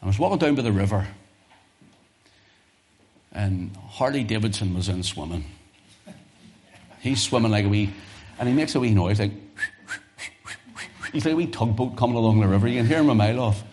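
A lower-pitched male preacher delivering a sermon. He talks in a homely, conversational way and repeats key phrases. Then his voice swells to loud, fervent climaxes before it drops back to quiet asides. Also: expressive, moderate pace, pauses often, slight background noise.

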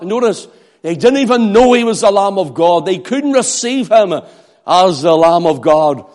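A male preacher with a high-pitched voice. He delivers the sermon dramatically, acting out the cries of a crowd and the pleas of beggars. His voice climbs sharply on the acted shouts and drops low and quiet between them.

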